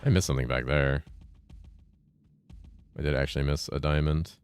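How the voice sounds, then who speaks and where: A man's voice: rumbling low, fairly even intonation, moderate pace, smooth. A man in his thirties, a streamer chatting casually and swearing freely as he answers chat, speaking in a carefully enunciated voice with a lifted inflection. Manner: laid-back, profane, reads and answers chat while playing. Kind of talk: casual gaming livestream chat.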